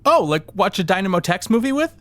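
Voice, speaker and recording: A man's voice: high voice, sing-song, brisk, a bit bright. A man playing a tabletop game in character, speaking in a hesitant, polite way. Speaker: player.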